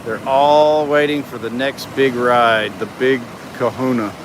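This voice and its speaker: A middle-aged man hosts a casual live stream from a beach inlet, filming on his phone as he reads viewer comments and describes what he sees. His medium-pitched voice is steady and unhurried, with outdoor noise in the background.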